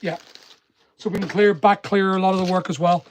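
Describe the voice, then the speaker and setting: Speaking a little fast with fairly level intonation, this high-voiced man is an online seller hosting his own channel, with a faint hum under the audio. His accent mixes Northern Irish and English. He packs orders on a live stream, talking to viewers and joking around with the staff working beside him.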